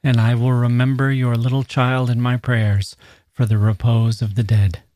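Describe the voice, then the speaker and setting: Man reading a solemn old monk elder, warm low tone, dry sound. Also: flat delivery, moderate pace, no echo, close to an everyday voice.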